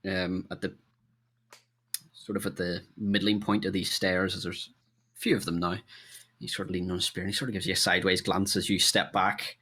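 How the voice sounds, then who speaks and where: Low-voiced man running a tabletop game. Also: pushed and bright, a little hiss or hum. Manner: halting, searching for words while describing. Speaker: game master.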